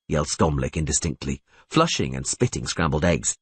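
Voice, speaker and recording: Male storyteller, animated reads, raspy texture. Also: very deep voice, normal speed, hardly any pauses, no room sound. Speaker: audiobook narrator. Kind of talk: scripted narration.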